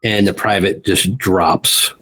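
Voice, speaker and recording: Man, game master, halting, many ums, deep voice, slow pace. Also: fairly even intonation, pushed and bright, slight background noise, poor audio. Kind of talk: narrating a tabletop game.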